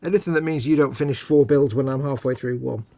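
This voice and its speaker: A man's voice: medium pitch, fast talker, gravelly, warm tone, no echo. A man co-hosting a live model-building stream, joking and teasing, explaining things at length. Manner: jokey, teasing, rambling explanations. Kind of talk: casual chat.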